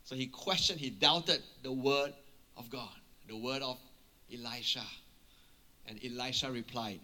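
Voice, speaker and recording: A man preaching a sermon, retelling a Bible story in an animated way and often checking in with his listeners. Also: medium pitch, a little slow.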